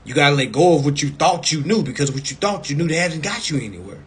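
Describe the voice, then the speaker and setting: A man coaching viewers in a casual live stream over a phone mic, blunt and profane, repeating himself and breaking into loud, emphatic bursts. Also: on the high side, lively intonation, quick pace, husky.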